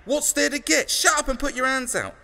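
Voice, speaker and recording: A man's voice: very high voice, expressive, a little fast, bright, forceful tone, in a large hall, faint music behind, heavily acted. A man playing a foul-mouthed male street cop who talks brusque and crude.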